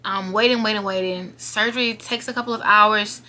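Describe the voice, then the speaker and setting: A young woman speaks right to her viewers in a home vlog, earnest and close to tears as she tells a hard story. Her voice is bright and forward, with a faint hiss and room sound under it. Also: mid-range voice, steady tone, a little fast. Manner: earnest, emotional, talking straight to viewers. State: holding back tears. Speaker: YouTuber telling a personal story. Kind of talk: emotional storytime monologue.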